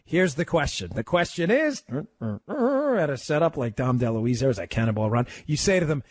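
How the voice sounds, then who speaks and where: Animated, emphatic talk radio host. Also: male voice, fairly high pitch, dry recording. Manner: emphatic, rapid-fire and animated.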